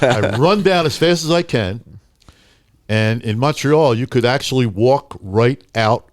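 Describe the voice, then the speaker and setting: An older man with a lowish, dry, close-miked voice tells rambling anecdotes in a podcast studio. He leans on fillers and chuckles through his stories. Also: dry recording. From Philadelphia area. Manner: laughing, rambling anecdotes with frequent "uh" and "you know". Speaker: podcast guest, hockey arena announcer. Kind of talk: casual storytelling.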